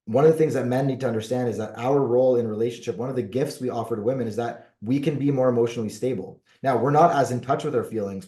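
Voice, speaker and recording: A man's voice: mid-range voice, mellow, roomy sound. A middle-aged man, a podcast guest, earnestly explaining relationship advice and often checking in with "right?". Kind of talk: conversational advice monologue.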